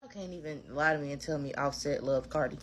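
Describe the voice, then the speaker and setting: Fast, emphatic woman ranting. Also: low-pitched, a little hiss or hum. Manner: emphatic, repetitive. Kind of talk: casual commentary video.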